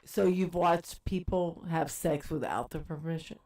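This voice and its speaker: A woman's voice: sits low, unhurried, warm tone. A woman co-hosting a casual podcast who teases playfully and keeps cutting in. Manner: teasing, playful, cuts in. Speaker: podcast co-host. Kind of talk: casual bar-talk podcast chat.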